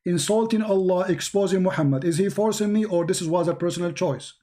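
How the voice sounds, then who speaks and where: Insistent high-voiced man losing his voice. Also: a little fast, dark tone. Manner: insistent, repeats himself. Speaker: debate show host. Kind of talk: heated live-stream debate. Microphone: computer mic on live stream.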